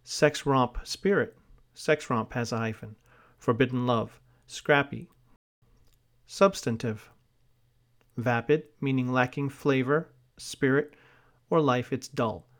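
Man slowly reading out a word list. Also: mid-range voice, fairly even intonation. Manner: measured, spells out words and notes hyphens. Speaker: vocabulary reader. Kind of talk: slow reading of a vocabulary list.

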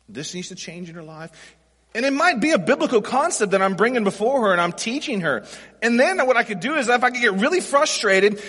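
A pastor with a high, husky voice preaches in a relaxed, conversational way, tossing out rhetorical questions to the congregation. His voice rings out in a hall with a long reverb. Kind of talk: sermon.

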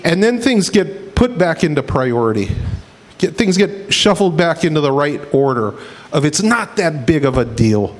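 A man's voice: on the high side, moderate pace. A pastor telling homespun stories in a casual, folksy sermon, acting out quotes and often saying "man". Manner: animated, acts out quotes in voices.

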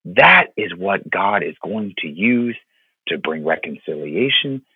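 Earnest pastor on a tinny phone line. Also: male voice, low-pitched, lively intonation, unhurried, slightly rough, dry recording. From Florida. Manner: earnest, heartfelt, with many fillers and repeated words. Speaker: pastor, podcast guest. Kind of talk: personal storytelling in an interview.

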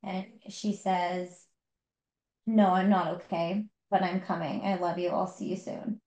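A woman's voice: on the low side, steady tone, measured pace, a little mellow, echoey room, poor audio. A woman co-hosting a podcast, casually retelling a book's story with many fillers. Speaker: podcast co-host. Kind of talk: casual book discussion.

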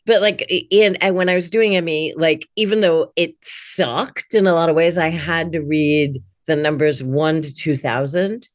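A woman's voice: sits low, fairly even intonation, moderate pace, few pauses, no room sound, clean studio sound. A middle-aged woman working as a voice-over teacher, talking as a guest in a casual interview, chatty and candid, with plenty of "like" and "you know".

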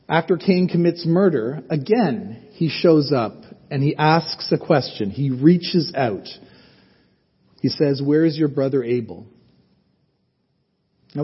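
A male pastor delivers a sermon in an earnest, conversational way, putting rhetorical questions to his listeners. His voice sits a little high and sounds husky. The recording is somewhat muffled and carries a long reverb, as from a large hall.

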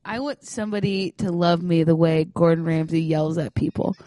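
A man with a high yet mellow voice tossing out dry one-liners in relaxed podcast banter. The sound is close and dry, with no room around it. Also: moderate pace, no echo. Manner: dry deadpan quips and short replies. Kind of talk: casual comedic chat.

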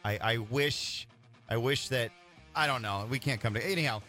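A man's voice: mid-range voice, normal speed, soft background music. A man hosting a talk radio show, commenting sarcastically on played clips. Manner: sarcastic, animated, jokey interjections. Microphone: studio microphone.

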